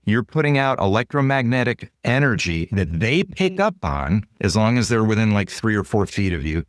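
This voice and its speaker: A man, a guest author and consultant, explaining ideas in an interview with lively stories. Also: on the low side, moderate pace, no room sound, studio quality. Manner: animated, acts out dialogue in quoted voices. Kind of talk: storytelling interview answers.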